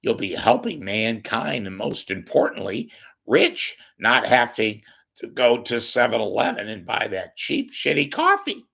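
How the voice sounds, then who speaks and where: A hoarse, congested man with a crackling voice, hosting his own show in a rambling comic monologue, joking at his own expense and swinging from loud to hushed. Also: mid-range voice. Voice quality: gravelly, crackling. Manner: wisecracking, self-deprecating, swings from loud to hushed. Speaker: podcast host asking for donations.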